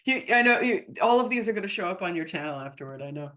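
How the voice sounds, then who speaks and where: Woman host, lowish voice, giggly and chatty. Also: lively intonation, fast talker, sharp tone. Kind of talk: casual chat.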